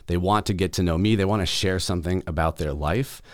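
A man's voice: low-pitched, fairly quick, no room sound, studio quality. A man hosting a solo business podcast, talking casually and reading his own email aloud. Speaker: podcast host.

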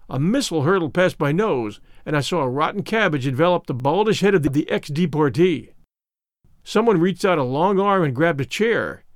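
A man narrating an audiobook in a measured storytelling way. His voice sits somewhat high for a man. The recording is dry and close, with no room sound. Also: no room sound.

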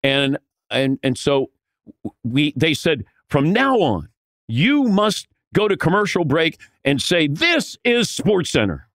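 A man guest telling lively stories from his broadcasting career, acting out the quotes. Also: fairly high pitch, takes it slowly, no room sound, clean studio sound. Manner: lively storyteller who acts out quotes. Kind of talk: animated anecdote telling.

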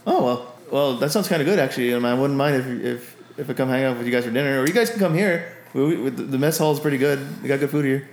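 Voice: mid-range voice, quick pace, slight background noise, pitched above the performer's own voice, lightly acted. A man voicing an overly enthusiastic, self-important young male guard who stammers in his eagerness. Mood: eager. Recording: roomy echo.

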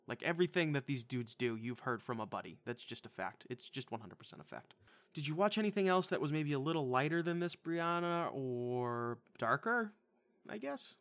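A man's voice: fairly high pitch, a bit bright. A man co-hosting a casual movie review chat, blunt, profane and enthusiastic. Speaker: podcast co-host reviewing movies.

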